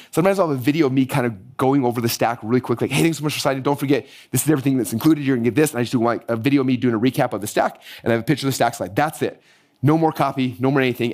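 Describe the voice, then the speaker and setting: A man teaching a live online marketing workshop, energetic and hyped-up, his voice going hoarse. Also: medium pitch. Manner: energetic, hyped-up, rapid-fire. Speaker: marketing course instructor.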